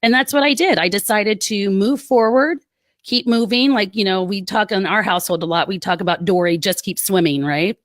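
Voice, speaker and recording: A woman tells her family's story as an interview guest, earnest and full of quick asides. Her voice sits in a middle range. The sound is dry and close. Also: mid-range voice, no room sound. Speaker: guest, military spouse advocate. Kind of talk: podcast interview.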